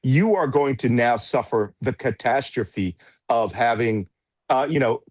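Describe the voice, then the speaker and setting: A man's voice: mid-range voice, animated, a little slow, darkish tone, no echo. A man speaking as a political commentator guest in an interview, blunt and sarcastic, with mocking asides. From United States. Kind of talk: heated political interview talk.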